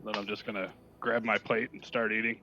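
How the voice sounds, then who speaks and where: A man's voice: fairly low pitch, little pitch movement, a little fast, sharp tone. A man playing a tabletop game who talks in a casual, rambling way, on a lo-fi recording. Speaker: player. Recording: lo-fi with faint noise.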